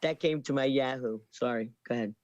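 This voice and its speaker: A woman's voice: very deep voice, a little fast, darkish tone, dry recording, dull audio. A middle-aged woman chatting casually as co-host, making dry, teasing wisecracks. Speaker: co-host, host's mother. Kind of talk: casual chat.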